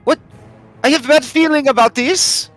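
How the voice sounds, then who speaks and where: A man's voice: extremely high pitch, normal speed, fairly bright tone, faint music behind, voice pushed up. A man voicing a nervous human woman held captive, stammering in worry. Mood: anxious. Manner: flustered, stammering.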